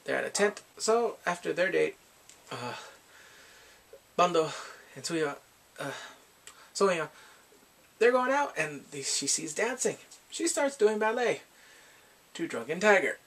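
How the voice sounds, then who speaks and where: A man giving a casual spoken drama review, retelling scenes in an animated way and acting out the characters' lines. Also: sits high, unhurried, vocal fry, long pauses.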